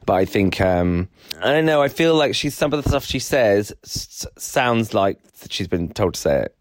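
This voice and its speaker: A man co-hosting a podcast in casual chat, rambling, laughing often, his voice jumping high when excited. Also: normal speed, no room sound. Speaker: podcast co-host.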